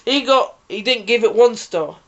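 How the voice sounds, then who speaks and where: A woman's voice: fairly high pitch, expressive, normal speed. A woman, co-hosting a casual podcast with teasing, playful banter. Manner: playful, teasing, bursts into laughter. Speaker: podcast co-host. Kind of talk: casual chat. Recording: dull lo-fi audio.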